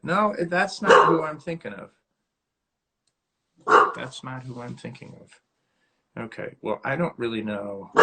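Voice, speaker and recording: A man's voice: medium pitch, expressive, slow pace, vocal fry, long pauses, sharp tone, breathy edge. A man hosting his own casual livestream from home on a phone, rambling and chatty, now and then scolding his barking dog. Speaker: host of his own live stream.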